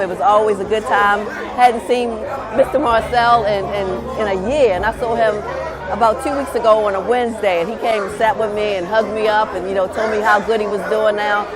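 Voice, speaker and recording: A woman offering warm, informal, slightly hesitant spoken condolences. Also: mid-range voice. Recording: music and crowd chatter behind.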